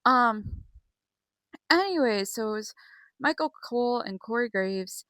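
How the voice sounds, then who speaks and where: A girl chatting her way through a casual recap vlog, rambling and excitable, swearing freely and filling pauses with "um." Her voice is bright and forward. The recording is dry and close, with no room sound. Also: a little high, no room sound. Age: young. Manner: rambling, excitable, swears often, many fillers. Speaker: vlogger.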